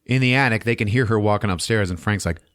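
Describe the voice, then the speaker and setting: A man hosting a podcast, giving a comedic movie recap in a lively, profane style and laughing often. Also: on the low side, fast. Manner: animated, swearing, laughing often. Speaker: podcast host.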